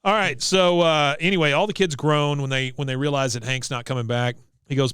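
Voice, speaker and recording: A man's voice: on the high side, brisk, smooth, no room sound, studio quality. A man co-hosting a podcast, recapping an episode in casual chat and acting out the characters' lines with lots of "uh". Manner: animated storyteller, acts out quotes, frequent "uh". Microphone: desk mic on video podcast.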